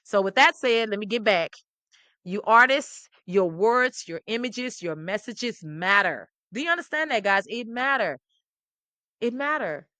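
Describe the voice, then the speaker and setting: Woman, middle-aged, preachy and animated, bright, dry. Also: medium pitch, moderate pace, dry recording. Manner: preachy, animated, repeats phrases for emphasis. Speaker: talk show host. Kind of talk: impassioned commentary to camera.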